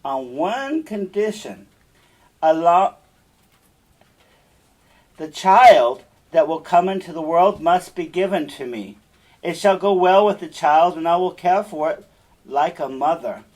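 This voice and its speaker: A man voicing an angry, imperious old female witch who scolds loudly in a storybook reading. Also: expressive, takes it slowly, full character voice. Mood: bargaining. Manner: loud, shrill scolding.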